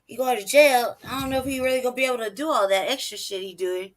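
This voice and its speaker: A woman's voice: on the high side, fast talker. A woman hosting a casual reaction show, laughing often and commenting in loose slang. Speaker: host reacting to videos.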